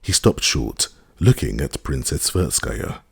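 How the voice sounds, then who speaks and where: A man narrating a classic novel as an audiobook in a steady, expressive reading. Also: a bass voice, unhurried, gravelly, breathy edge, dry recording, clean studio sound. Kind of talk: scripted narration.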